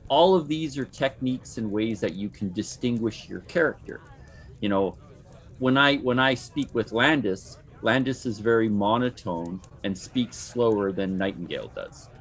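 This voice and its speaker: A man talking fast and eagerly in a casual discussion about playing a tabletop game. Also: on the low side, animated. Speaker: player.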